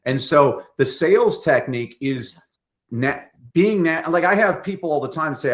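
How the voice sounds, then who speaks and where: A middle-aged man with a fairly high voice speaks at a moderate pace, appearing as a storytelling coach on a lively podcast. He animatedly acts out quotes using different voices.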